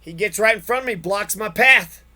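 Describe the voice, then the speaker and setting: His voice sits high and sharp, and his pace is normal. The man is ranting angrily about his own experience in a lengthy monologue, cursing and repeating himself throughout.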